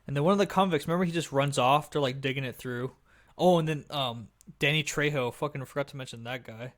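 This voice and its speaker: A man's voice: medium pitch, fast, fairly bright tone. A young man co-hosting a podcast, casually retelling a movie plot, rambling with lots of fillers and bursting into acted-out lines. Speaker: podcast co-host. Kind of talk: casual chat recapping a movie.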